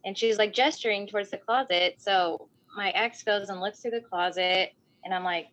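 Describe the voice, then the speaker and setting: A woman telling a personal story in casual talk, animated and often saying "like". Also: mid-range voice, moderate pace, rough recording. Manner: animated, acts out voices in quotes, fills with "like".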